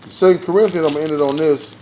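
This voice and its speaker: A man with a notably high voice delivering a casual sermon. He talks to his listeners like friends, tags his points with "man" and "all right?", and slows into a measured cadence when he reads verses. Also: fairly even intonation, dark tone, slight background noise. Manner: informal, peppers lines with "man" and "all right?"; slows down to read scripture aloud. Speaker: preacher. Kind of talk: street-style sermon with scripture reading.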